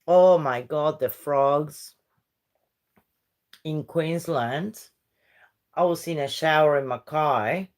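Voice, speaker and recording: A middle-aged woman from Uruguay, a Spanish speaker chatting casually with viewers on a livestream. She rambles and switches between English and Spanish. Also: sits low. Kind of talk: casual live-stream chat.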